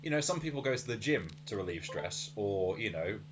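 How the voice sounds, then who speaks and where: Man, rambling, flirty banter, lively rising and falling voice, casual podcast co-host. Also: fairly low pitch, fairly quick, background noise. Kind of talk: casual comedy podcast chat.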